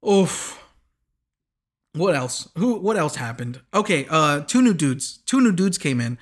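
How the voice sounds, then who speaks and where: A man recapping a TV show in loose, rambling chat, quick to laugh at his own jokes. His voice sits a little on the high side. He trips over his words and restarts sentences as he goes. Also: big pitch swings. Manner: restarts and corrects himself often.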